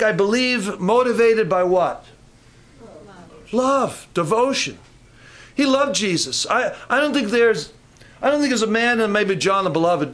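Man, preacher, high voice, conversational sermon, humorous asides, fervent peaks. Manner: conversational, rising to fervent emphasis; humorous asides, frequent restarts.

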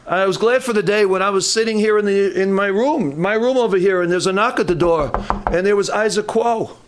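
An older male pastor delivers a folksy sermon at a church camp in a fairly high voice. He slips in humorous asides and often stumbles and restarts his phrases. His delivery is homespun and conversational. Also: a little fast, a little hiss or hum.

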